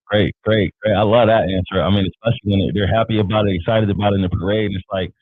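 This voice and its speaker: Low-voiced guy hosting an interview, talks fast, stumbles through his questions, tinny phone sound. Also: steady tone, slightly rough, no room sound. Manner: halting, agreeable, thinks aloud mid-question. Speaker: interview host. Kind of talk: live-stream interview. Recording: tinny dry online call audio.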